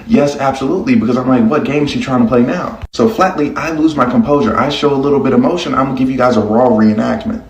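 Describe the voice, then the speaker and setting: A man's voice: medium pitch, fast, hardly any pauses, recorded from a distance. A young man telling a boastful dating story in a monologue. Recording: echoey room, off mic.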